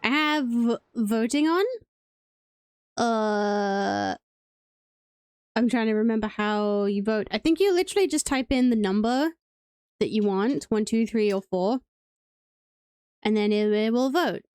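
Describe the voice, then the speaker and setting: A woman's voice: a little high, lively intonation, measured pace, long pauses, a little mellow, clear, resonant tone, dry recording. A woman from Wales with a British accent, chatting playfully and rambling through live gameplay commentary as a streamer. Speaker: game streamer.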